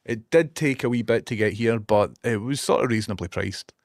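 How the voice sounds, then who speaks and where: Chatty low-voiced Scottish man. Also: a little fast, dry recording, studio quality. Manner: rambling and chatty, reads out viewer messages, swears casually. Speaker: streamer. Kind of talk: casual live-stream chat. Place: small room in a basement, curtains shut.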